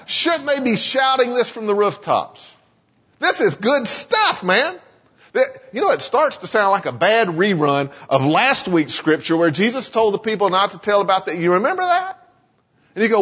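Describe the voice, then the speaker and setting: Speaking to his congregation in a conversational tone, a pastor preaches with a husky voice and a lively, rising and falling pitch. The recording is dull and lo-fi, echoing with the long reverb of a large hall.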